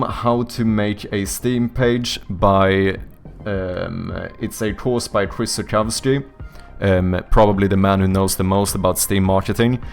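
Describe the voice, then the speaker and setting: A man from Sweden with a Swedish accent and British-leaning English, streaming live and chatting casually with his viewers, rambling and joking as he corrects himself. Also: fairly low pitch. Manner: rambling, self-correcting, jokey. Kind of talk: casual live-stream chat reading chat aloud.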